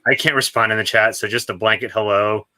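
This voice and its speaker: A man's voice: on the low side, fairly even intonation, fairly quick, background noise. A man co-hosting an astrology podcast, explaining ideas casually with self-deprecating asides. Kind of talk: casual chat.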